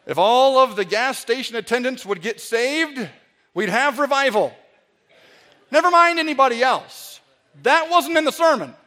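A man preaching a sermon, telling stories and speaking with sarcastic, animated emphasis to his congregation. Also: sits high. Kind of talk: sermon with storytelling.

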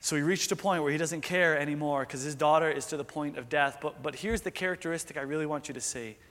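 A man preaching in a slightly high voice, earnest and conversational, asking his listeners questions. His words ring out with a long reverb from a large hall. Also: quick pace, a bit bright. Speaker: pastor. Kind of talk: sermon.

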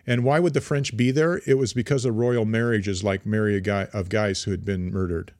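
A man's voice: fairly low pitch, steady tone, brisk, darkish tone, dry recording. Male podcast co-host, chatty storyteller, frequent restarts, dry studio sound. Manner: rambling, many fillers and restarts. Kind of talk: casual history chat.

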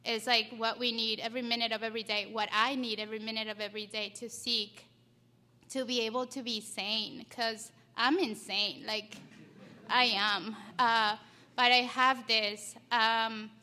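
Bright, halting young woman sharing her story. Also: a little high, flat delivery. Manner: halting and emotional, with many fillers, close to tears. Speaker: short speaker at a recovery meeting. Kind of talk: personal recovery share.

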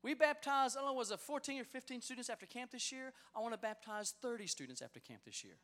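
A man in his thirties, a youth pastor, preaching a sermon and telling family stories with lively excitement. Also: very high voice, smooth. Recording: long reverb of a large hall.

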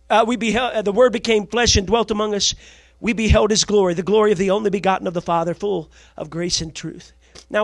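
A male preacher with a very high voice delivers a sermon in a dry, close recording. He keeps asking his congregation if they are ready, shifting between loud declarations and quiet asides. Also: no room sound. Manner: call-and-response, asks the congregation "you ready?".

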